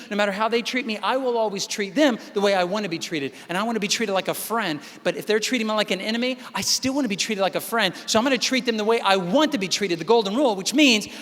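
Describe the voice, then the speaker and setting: High, bright-voiced man speaking in a hall. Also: animated, fast, few pauses. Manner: emphatic, acts out voices in dialogue. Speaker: keynote speaker. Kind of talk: motivational keynote speech. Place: large convention hall. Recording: reverberant hall sound.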